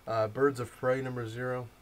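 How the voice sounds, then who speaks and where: Unhurried and medium-pitched, this man keeps a steady tone as he rambles to camera indoors at home. He's a comic book collector recounting a shop visit and showing his purchases, with many fillers and restarts, and slight background noise can be heard.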